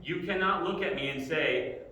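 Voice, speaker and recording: A man's voice: on the high side, normal speed, pushed and bright, a little hiss or hum. A middle-aged man teaching a casual Bible lesson in a conversational way, often asking "right?" as he talks. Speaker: Sunday school teacher. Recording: echoey hall, mic far off.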